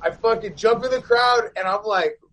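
A man's voice: high-pitched, moderate pace, sharp tone, low-quality recording. A man in a band telling a long, rambling story in casual chat, swearing constantly and packing his talk with fillers.

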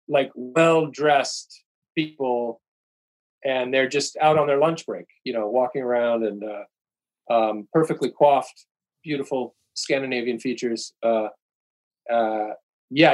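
A middle-aged man chats casually as a podcast guest, at an ordinary middle pitch. He rambles through his stories, stopping and restarting with plenty of fillers. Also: low-quality recording. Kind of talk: casual chat.

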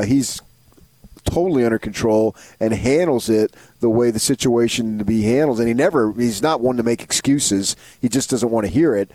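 A man's voice: fairly low pitch, a little mellow, dry recording. Man, sports radio co-host, casual chat, enthusiastic, rambling, dry studio sound. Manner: enthusiastic, rambling, repeats himself.

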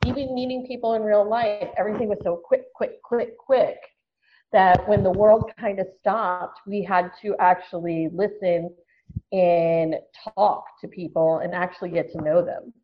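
A woman's voice: medium pitch, steady tone, normal speed, highs cut off, noisy background. A woman guest in a casual podcast chat about dating, talking frankly and laughing often. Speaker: dating venture founder, guest.

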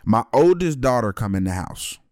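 Animated storytelling man, dry sound. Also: mid-range voice, moderate pace, no room sound. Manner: animated, acts out other people's lines. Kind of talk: casual chat, comic storytelling.

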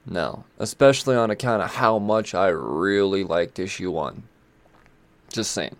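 Gravelly, rambling man chatting about comics. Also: low voice, a little slow, dry recording. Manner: rambling and chatty, swears, many fillers. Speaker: comic book reviewer. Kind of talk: casual chat.

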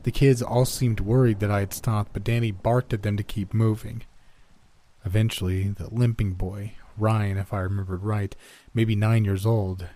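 Dark low-voiced male horror narrator. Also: level tone. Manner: measured, somber storytelling. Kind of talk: scripted first-person horror narration.

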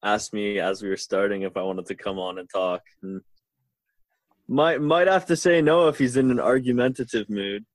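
A man's voice: on the low side, moderate pace, no echo. A man co-hosting a casual podcast, making blunt, profane wisecracks in an offhand way.

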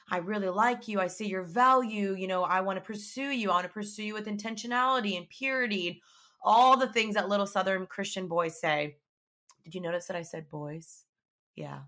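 A young woman chatting casually to the camera, telling a dating story in an animated, chatty way and acting out quotes. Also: mid-range voice. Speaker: vlogger.

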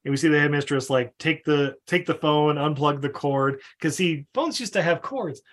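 A man's voice: on the high side, normal speed, a bit bright. A man hosting a film podcast, recapping the plot casually with swearing, laughs and acted-out voices. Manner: laughing, profane, acts out the characters. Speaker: podcast host.

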